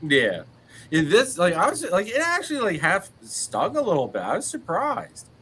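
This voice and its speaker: Podcast host, man, animated storyteller, fillers galore, video-call sound. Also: high-pitched, normal speed, slight background noise. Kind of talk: casual live chat.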